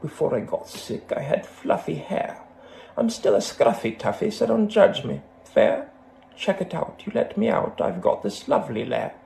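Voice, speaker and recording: A man's voice: on the high side, very animated, moderate pace, gravelly, warm tone, slight background noise, exaggerated voice. A man singing as a scruffy, grumpy male bear prince in a cheeky comic song.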